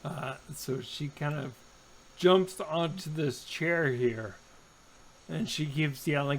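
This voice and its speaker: A man running a tabletop game as the dungeon master, talking slowly and pausing often on fillers. His voice sits a little high for a man. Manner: unhurried, halting narration with many fillers.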